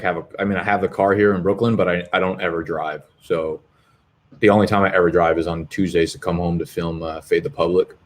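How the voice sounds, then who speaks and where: A man in his twenties hosting a fantasy football live stream, chatting casually with viewers in a rambling, profane, jokey way. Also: low-pitched. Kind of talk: casual live-stream chat reading comments. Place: apartment in Brooklyn.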